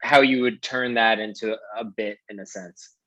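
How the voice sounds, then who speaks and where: A man in a comedy class pitching joke ideas and asking questions, halting as he searches for words. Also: steady tone, bright, forceful tone, dry recording. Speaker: comedy student. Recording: dry, dull lo-fi sound.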